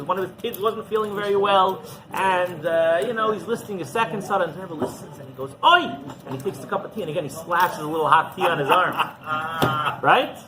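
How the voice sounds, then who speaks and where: A rabbi telling a story in a conversational sermon, halting and repeating himself as he goes. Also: fairly high pitch. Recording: noisy background.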